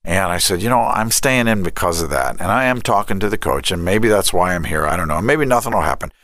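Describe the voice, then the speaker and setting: A middle-aged man with a very low voice talks in a relaxed interview about faith and raising children. He tells stories with energy and slips into the voices of the people he quotes. The sound is close and dry, with no room echo. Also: a little fast. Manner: animated storyteller who acts out quoted dialogue. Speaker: director of a family ministry and counselor.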